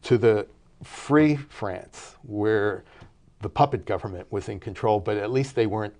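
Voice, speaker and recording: An older man telling a family story in a relaxed interview, with many fillers and restarts. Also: lowish voice, a little slow. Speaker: interview guest, cinematography professor.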